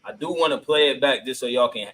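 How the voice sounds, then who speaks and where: A man's voice: mid-range voice, quick pace, a bit bright, low-quality recording. Laid-back slangy male podcast host. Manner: laid-back, slangy, many filler ums. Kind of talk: casual chat reacting to clips.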